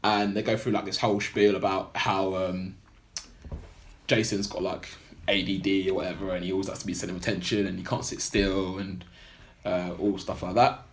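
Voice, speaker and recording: Rambling low-voiced man. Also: flat delivery, moderate pace. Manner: rambling, full of "like" and "blah blah". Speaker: podcast co-host. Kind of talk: casual film recap chat.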